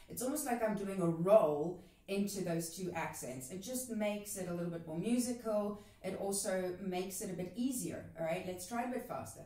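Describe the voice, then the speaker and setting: A woman teaching a cajon lesson in a casual, encouraging way, counting the rhythm out loud as she plays. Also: medium pitch, moderate pace. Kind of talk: video lesson. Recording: roomy and distant, with cajon playing.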